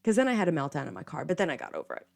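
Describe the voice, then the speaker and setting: A woman's voice: deep voice, rapid-fire, creaky. A young woman in her twenties hosting a podcast, telling a story casually and constantly saying "like", acting out other people's lines in quotes. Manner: chatty, heavy use of "like", animated retelling with quoted dialogue. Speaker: podcast host.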